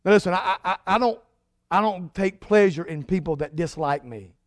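A man preaching a sermon as pastor, emphatic, swinging from loud declarations to hushed lines. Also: high-pitched, normal speed, dry recording, studio quality.

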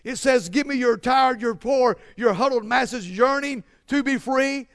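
A man preaching a sermon, with many restarts and a repeated cadence that climbs to shouted emphasis. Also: very high voice, a little slow. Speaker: pastor.

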